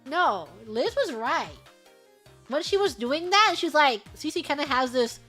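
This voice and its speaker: A woman's voice: high-pitched, expressive, unhurried, a bit bright, faint music behind. A young woman streamer reading out superchats in casual, giggly chat, sometimes breaking into song. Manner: bubbly, giggly, sings snatches of songs.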